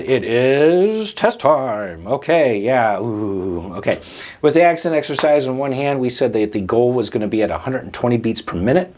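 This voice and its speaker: A man teaching a drum lesson in a relaxed, explanatory way, counting off beats and checking in with listeners as he goes. His voice sits at an ordinary middle pitch. A faint noise hums behind him. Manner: relaxed, explanatory, frequent "okay" and "right?". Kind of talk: instructional lesson, counting aloud.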